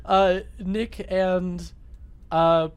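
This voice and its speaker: A man's voice: sits high, steady tone, very slow, clear, resonant tone. A man co-hosting a casual comedic movie chat, rambling and laughing often as he acts out lines from the film. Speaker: podcast co-host.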